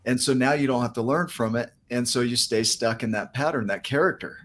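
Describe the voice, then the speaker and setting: A man's voice: mid-range voice, a little fast, fairly bright tone. A man hosting a podcast, talking things through in a reflective, coaching way. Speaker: podcast host. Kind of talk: conversational interview.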